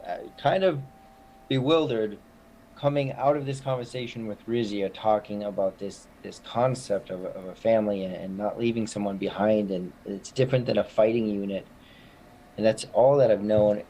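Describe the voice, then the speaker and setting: A man's voice: on the low side, normal speed, dark tone, slight background noise, low-quality recording. A man playing a tabletop role-playing game, speaking in character and narrating his actions. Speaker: tabletop player.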